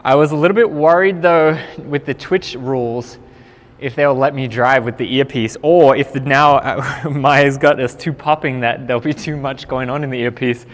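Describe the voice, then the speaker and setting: A man's voice: medium pitch, moderate pace, long reverb tail. Laid-back young Australian man chatting. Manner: laid-back, slangy, lots of "like". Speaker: skateboarder and streamer. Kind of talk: casual live-stream chat.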